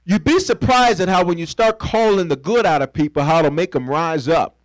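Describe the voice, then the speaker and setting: In a low-quality, dry recording, a pastor speaks fairly quickly in a fairly high voice. His sermon is playful and conversational, built on call-and-response as he asks the congregation to supply words, and he acts out short scenes.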